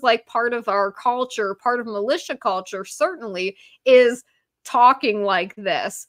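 A woman, a journalist guest on a podcast interview, talking in an animated, sarcastic way with many fillers. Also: mid-range voice, no echo, clean studio sound.

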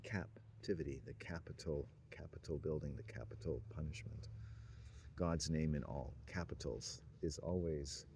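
Low-voiced guy rambling on, chuckly, wandering thoughts, faint hiss behind. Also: moderate pace, darkish tone. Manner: meandering, frequent chuckles, trailing off. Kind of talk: rambling stream-of-consciousness monologue.

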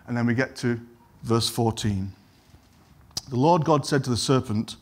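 Middle-aged male preacher, relaxed talky sermon delivery, average pitch, breaks off into asides. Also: normal speed. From England. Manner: conversational, digresses and apologizes, acts out quoted lines.

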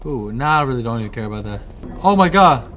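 A young man giving excitable let's-play commentary, swearing, laughing and talking back to the game as he plays. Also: medium pitch, fast talker. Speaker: gamer playing through a video game.

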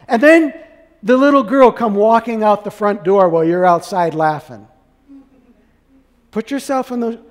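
A man's voice: sits high, big-room sound. A man preaching a sermon as pastor, asking the congregation one question after another.

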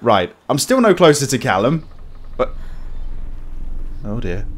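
A man's voice: mid-range voice, sing-song, unhurried. Guy making jokey asides while he plays, voice bounces around a fair bit. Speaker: let's-play gamer. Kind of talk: casual gameplay commentary.

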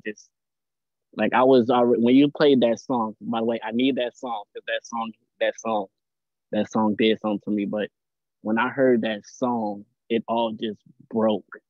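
A man giving an earnest, halting testimony on a live call, repeating words as he goes. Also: medium pitch, dry recording. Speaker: caller sharing a testimony. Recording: tinny phone-like line, dry.

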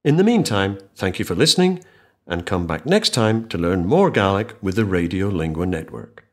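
Lively low-voiced male language teacher. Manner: clear, slows right down to model phrases. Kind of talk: scripted podcast language lesson.

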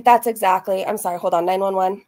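A woman's voice: mid-range voice, steady tone, quick pace, darkish tone. A woman live streaming, answering mockingly and thanking viewers in a casual way. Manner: mocking, sarcastic replies.

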